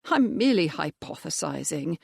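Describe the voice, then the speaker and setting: A genial older village rector speaks gently in an audiobook, voiced by the narrator. His gravelly voice sits close and dry, without any room echo. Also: on the high side, very animated, moderate pace, full character voice. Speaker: character in an audiobook. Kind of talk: audiobook character voice.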